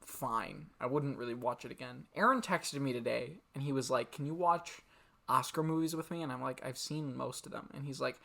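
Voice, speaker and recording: A man's voice: mid-range voice, fairly quick, gravelly, bright, forceful tone. A young man co-hosting a podcast, chatting casually about a film, rambling with frequent restarts and laughs. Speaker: podcast co-host. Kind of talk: casual film review chat.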